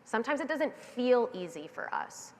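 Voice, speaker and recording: A woman's voice: on the high side, moderate pace. Woman keynote speaker in a reverberant hall. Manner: animated, acting out the voices in her anecdote. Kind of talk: storytelling keynote talk. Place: stage in a large event hall. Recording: long reverb of a large hall.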